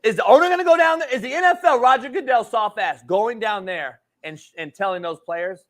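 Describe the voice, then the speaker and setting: A man's voice: very high voice, brisk, hardly any pauses, fairly bright tone. A man hosting a sports talk show, ranting profanely and calling people homie. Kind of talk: heated sports debate.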